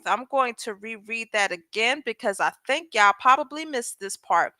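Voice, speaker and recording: A woman's voice: fairly high pitch, lively intonation, moderate pace, few pauses, pushed and bright, no echo. A woman hosting legal commentary, reading a transcript aloud and breaking off to ask viewers pointed questions. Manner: talks straight to viewers, asking pointed questions.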